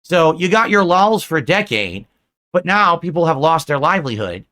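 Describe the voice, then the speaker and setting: A man's voice: fairly high pitch, very animated, normal speed, pushed and bright. A man streaming, delivering a self-pitying, lecturing monologue to his viewers.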